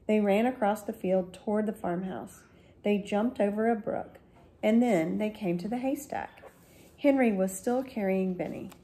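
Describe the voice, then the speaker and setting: A woman, a school librarian, reading a children's book aloud slowly and gently. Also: medium pitch. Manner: slow, gentle storytelling.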